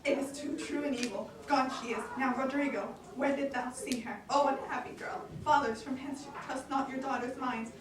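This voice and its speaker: A woman playing an angry, proud old male senator in an amateur Shakespeare reading, shouting indignant commands, with audience laughter in an echoey room. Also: high-pitched, steady tone, normal speed, hardly any pauses, far from the mic, background noise, natural voice. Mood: alarmed.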